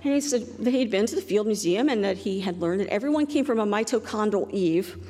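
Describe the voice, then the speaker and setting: A woman's voice: mid-range voice, expressive, fairly quick, warm tone, slightly rough, long reverb tail. A middle-aged woman from northeastern Ohio gives a humorous live talk as a guest speaker, rambling and self-deprecating and laughing often.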